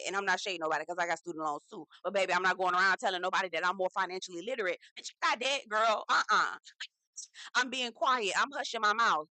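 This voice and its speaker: A young woman gives a sassy, animated reality-show recap. She talks straight to her viewers with a bright, forceful voice. The recording is dry and close. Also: mid-range voice, quick pace, no room sound. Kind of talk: casual recap commentary.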